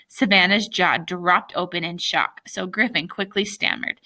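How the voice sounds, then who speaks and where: A woman reading a children's novel aloud who pauses to react with amused comments. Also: fairly low pitch, bright, forceful tone. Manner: breaks off to laugh and react. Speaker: reader.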